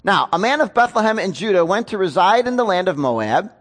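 A man's voice: high voice, big pitch swings, fairly quick, fairly bright tone. A man preaching a sermon as pastor, conversational and self-deprecating, often asking his congregation questions.

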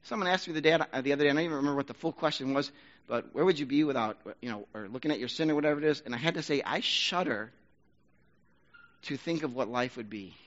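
A man preaching a sermon as pastor, talking conversationally and rising to loud, emphatic bursts. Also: a little high, quick pace, lo-fi sound.

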